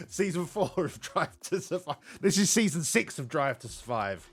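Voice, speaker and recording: A man's voice: fairly high pitch, sing-song, normal speed, hardly any pauses, slightly rough, no echo, faint music behind. A man casually commentating a game on a live stream, joking, swearing and laughing often. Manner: jokey, profane, laughs often.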